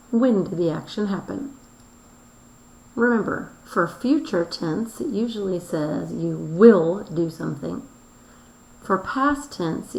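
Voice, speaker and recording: A woman teacher going over a daily review, explaining slowly and spelling out words letter by letter. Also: on the low side, vocal fry, darkish tone. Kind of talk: recorded classroom review lesson. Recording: roomy echo.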